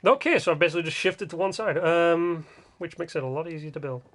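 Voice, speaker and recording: A man's voice: a little high, fast, fairly bright tone. A man casually commenting while building in a game livestream, joking and grumbling in a rambling way. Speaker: game streamer.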